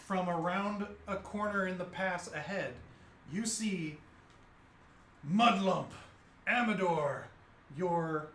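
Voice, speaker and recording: A man runs a tabletop game as dungeon master. He narrates haltingly with many fillers. The room is echoey, with a faint hiss underneath. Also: high voice, fairly bright tone.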